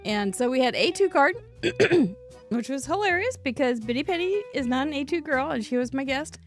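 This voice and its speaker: Chatty, high-voiced woman host. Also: lively intonation, normal speed, faint music behind. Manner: chatty, exclaiming, with frequent laughs. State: coughing, throat dry. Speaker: host of a cardmaking show. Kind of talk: casual live-stream chat showing viewer cards.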